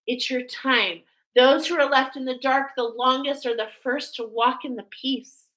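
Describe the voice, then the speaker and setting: A woman giving a spiritual oracle card reading to her viewers, speaking with emotional awe and warm affirmations. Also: high-pitched, steady tone, moderate pace, rough recording.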